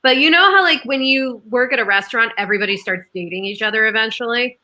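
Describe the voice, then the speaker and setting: A woman's voice: fairly high pitch, quick pace, sharp tone. A woman co-hosting a podcast, chatting casually and asking her guest questions. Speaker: podcast co-host. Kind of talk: casual chat.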